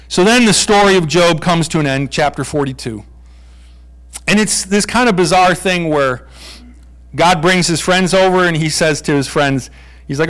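A man delivering a sermon in a light, playful manner. His voice sits a little higher than most men's, and he slips into quick acted exchanges between characters. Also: fairly bright tone. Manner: playful, acts out voices of God and Job. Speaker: preacher.

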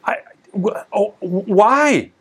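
A man's voice: sits high, expressive, slow, husky, voice pushed up, heavily acted. A man voicing a stammering, bewildered old king. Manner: stammering, rising disbelief.

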